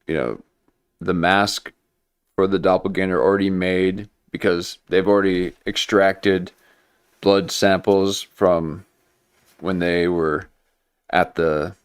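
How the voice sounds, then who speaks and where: A man's voice: deep voice, clean tone. A man hosting a livestream, rambling through loose, joking commentary with many restarts. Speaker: livestream host. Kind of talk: casual conspiracy commentary.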